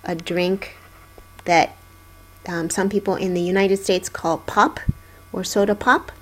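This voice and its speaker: A woman's voice: on the low side, steady tone, measured pace, fairly bright tone. A middle-aged woman teaching a language class, patiently drilling sounds syllable by syllable. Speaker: Japanese teacher. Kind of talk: classroom lesson.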